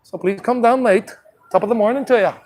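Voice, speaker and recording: A man's voice: high voice, a little fast, darkish tone, a little hiss or hum, voice pushed up, close to an everyday voice. A man voicing a cheery Irish man who welcomes travelers, in a playful, raised, mock-Irish brogue.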